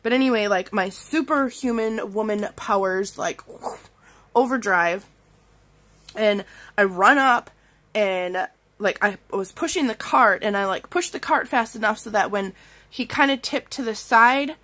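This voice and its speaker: A woman vlogging from bed while sick with strep throat, telling an animated story full of "like" fillers and acted-out quotes. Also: medium pitch, measured pace. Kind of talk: casual storytime rant. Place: in bed at home.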